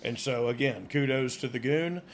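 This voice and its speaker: A man's voice: mid-range voice, normal speed, a little hiss or hum. A middle-aged man, telling rambling, laughing stories as a podcast host. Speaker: podcast host, former wrestler. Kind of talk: casual chat.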